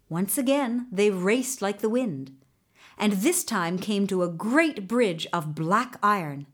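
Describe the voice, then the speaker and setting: A woman narrating a fairy tale in an expressive storybook reading style. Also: mid-range voice. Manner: expressive, unhurried.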